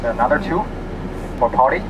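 A man's voice: medium pitch, lively intonation, moderate pace, muffled recording, noisy background. A man, working as a tour guide and explaining things casually to his group, hesitant and full of "uh"s. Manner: hesitant, lots of uh, chuckles often.

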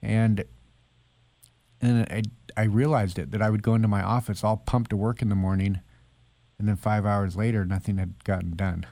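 A man's voice: fairly low pitch, fairly even intonation, brisk, darkish tone, no echo. A man, an author and speaker, earnestly telling a personal story in a conversational interview. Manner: earnest storytelling, acting out quoted voices.

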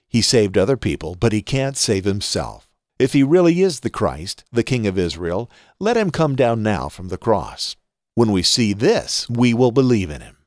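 A man hosting a daily podcast, reading scripture aloud in a measured, expressive way. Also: fairly low pitch, dry recording, studio quality. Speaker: podcast host. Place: home studio.

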